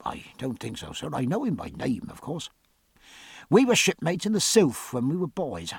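A man's voice: mid-range voice, wildly swooping pitch, moderate pace, gravelly, slightly rough, no room sound, studio quality, heavily acted. A man voicing a modest naval lieutenant answering his captain respectfully. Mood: deferential. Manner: quiet, respectful.

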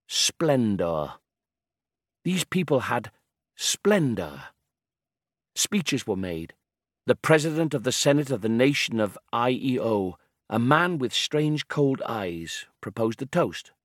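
A man reading an audiobook in a measured, calm, descriptive manner. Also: mid-range voice, no echo, studio quality. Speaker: narrator. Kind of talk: scripted audiobook narration.

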